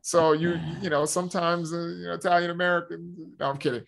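A man's voice: a little high, level tone, fast talker, vocal fry. A man in casual conversation, talking in a rambling way with many restarts and "you know" fillers. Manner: rambling, self-correcting, frequent "you know".

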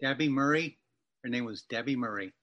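A man's voice: mid-range voice, fairly quick, fairly bright tone, muffled recording. A man in his fifties from Massachusetts, a writer telling a rambling, wry personal story as an interview guest. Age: 50s. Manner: wry, digressive, self-correcting storyteller.

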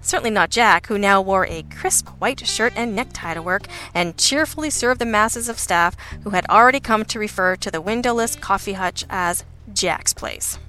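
A woman's voice: mid-range voice, normal speed, hardly any pauses, sharp tone, soft background music. A woman reading an audiobook in the first person, in a wry, sardonic manner. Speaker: audiobook narrator. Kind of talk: first-person scripted narration.

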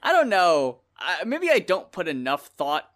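A man's voice: sits high, wildly swooping pitch, measured pace, a bit bright. A man co-hosting a podcast, reviewing an album in casual, rambling chat, often laughing and swearing. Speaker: podcast co-host.

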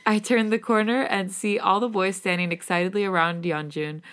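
A woman podcast host reading a romantic fan fiction story aloud in a casual, animated and sometimes giggly way. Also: medium pitch, normal speed.

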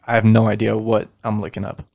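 A man's voice: lowish voice, monotone, fast talker, vocal fry, a little mellow, no room sound. A man on a podcast panel in casual chat, with a dry, teasing manner.

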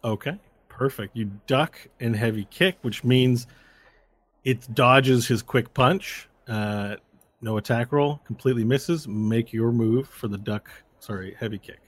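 A man's voice: medium pitch, unhurried. A man narrating as game master of a tabletop game, rambling with many fillers.

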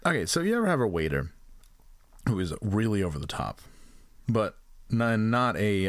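Male co-host, low voice, dry close sound, profane rambling comic storyteller. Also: very animated, moderate pace, pauses often, dry recording. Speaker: podcast co-host. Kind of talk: casual comedic chat.

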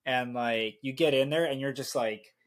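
A relaxed man co-hosts a podcast in a mid-pitched voice. He talks casually, trading stories with his friends. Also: moderate pace. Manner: relaxed, laughs along. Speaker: podcast co-host. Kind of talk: casual chat.

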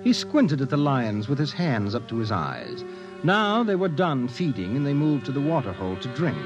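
A man's voice: mid-range voice, wildly swooping pitch, moderate pace. Man narrating an old radio drama, big swoopy delivery, muffled lo-fi sound, music behind. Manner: dramatic storytelling.

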